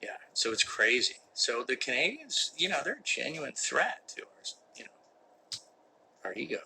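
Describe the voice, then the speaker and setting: A man's voice: mid-range voice, sing-song, normal speed, gravelly, sharp tone, a little hiss or hum, low-quality recording. A middle-aged man chatting live from a room, reading fan questions aloud and answering with mock-serious jokes. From United States. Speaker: actor hosting a live Q&A. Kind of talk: casual live-stream chat. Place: indoor room with a window that does not open.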